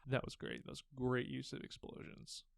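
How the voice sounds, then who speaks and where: A young man co-hosting a podcast, retelling scenes in a relaxed, rambling way with plenty of fillers. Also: medium pitch, moderate pace, vocal fry, no room sound, clean studio sound. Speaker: podcast co-host. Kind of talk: casual chat.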